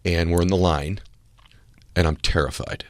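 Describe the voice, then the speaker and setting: A middle-aged American man hosting a podcast interview, telling a story in an earnest, animated way. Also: deep voice, moderate pace, no room sound. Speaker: podcast host. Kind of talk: conversational interview.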